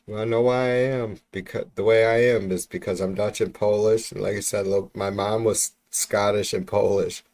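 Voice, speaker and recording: Male streamer, lowish voice, loose profane rambling chat, mic at arm's length. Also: little pitch movement, normal speed, few pauses, darkish tone. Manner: rambling, profane, chatting to viewers. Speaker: livestreamer. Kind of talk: casual livestream chat. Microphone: mic about an arm's length away.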